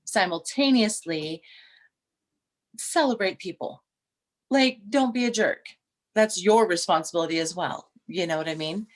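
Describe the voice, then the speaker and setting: A middle-aged woman co-hosting a casual chat, telling stories with restarts and animated quoted voices. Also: on the low side, a little slow, long pauses. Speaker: podcast co-host.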